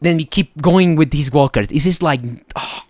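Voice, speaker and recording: A man's voice: a little high, moderate pace, a little mellow, no room sound, studio quality. A young man live streaming as a beatbox judge, ranting, swearing and mocking people. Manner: mocking, swears, mimics people in silly voices.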